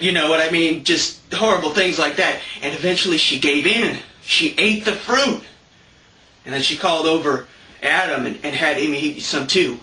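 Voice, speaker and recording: A man's voice: a little high, sharp tone. A man giving a sarcastic, mock-earnest satirical stand-up monologue, chatty and full of fillers. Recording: roomy sound from a distant mic.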